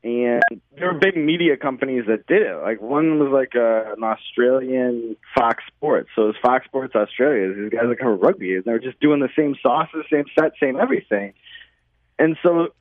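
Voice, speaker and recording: A man who is both a podcast guest and a show host swaps rambling stories in an easygoing interview, full of "likes" and "you knows." The dry, phone-like recording has no echo, and his medium-pitched voice moves at a normal speed.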